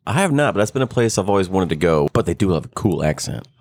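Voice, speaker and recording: A man's voice: deep voice, very animated, fast, darkish tone, no echo, studio quality. A man co-hosting a casual talk show, good-humored and game for a quiz. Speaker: co-host. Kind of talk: casual chat.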